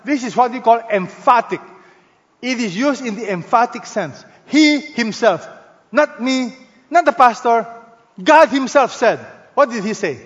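A man preaching a sermon as pastor, leaning hard on stressed words and swinging between loud emphasis and hushed, slow phrases. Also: very high-pitched, animated, in a large hall, lo-fi sound.

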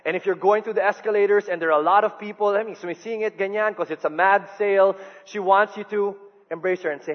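A middle-aged male pastor, his voice sitting high for a man. He preaches in an animated storytelling way, dropping to a hush for tender quoted lines. The sound is muffled and carries a long hall echo. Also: fairly quick. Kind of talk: sermon.

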